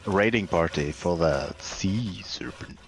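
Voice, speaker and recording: A man's voice: low-pitched, slow, a little hiss or hum. A man co-hosting a casual livestream chat, laid-back, with short dry remarks that trail off. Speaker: co-host.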